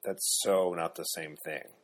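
A sullen, scornful young man, as a male narrator plays him who speaks in curt, dismissive lines. His voice sits very low and husky. It is an audiobook reading. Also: fairly even intonation, measured pace.

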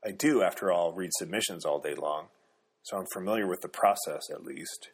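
A man's voice: deep voice, moderate pace, breathy edge. A man reading an audiobook, lifting his voice to play an earnest young woman who is hurt but outspoken. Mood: defensive.

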